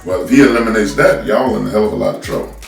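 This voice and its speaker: Gravelly man ranting into a phone. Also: fairly low pitch, very fast, faint music behind. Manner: blunt, scolding, repeats words when starting. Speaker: commentary host. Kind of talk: unscripted political rant. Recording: roomy, from a distance off the mic.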